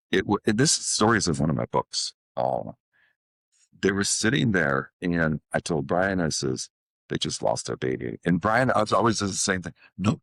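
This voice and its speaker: A man in his seventies with an extremely deep, gravelly voice tells rambling stories as an interview guest. He keeps restarting his sentences and acts out the dialogue he quotes. The sound is close and dry. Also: no room sound. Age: 70s. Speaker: guest, author and motivational speaker. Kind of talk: casual storytelling interview.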